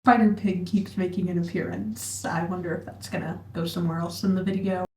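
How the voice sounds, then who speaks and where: A woman's voice: fairly low pitch, steady tone, fairly quick, warm tone. A woman casually reacting to a music video, musing aloud and trailing off with fillers. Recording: roomy, distant mic with faint hum.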